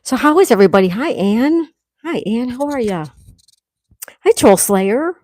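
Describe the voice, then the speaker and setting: A woman's voice: a little high, expressive, moderate pace, darkish tone, dry recording. A woman hosting a casual livestream from home, reading out viewer comments and greeting each person by name. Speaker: livestream host reading chat. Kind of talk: casual live chat. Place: indoors at home.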